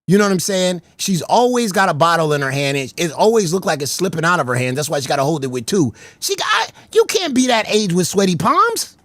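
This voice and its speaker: Animated laughing man, bright dry voice. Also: high voice, brisk, hardly any pauses, no room sound. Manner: animated, laughs often, stammers and repeats words. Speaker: livestream commentary host. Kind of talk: casual livestream commentary.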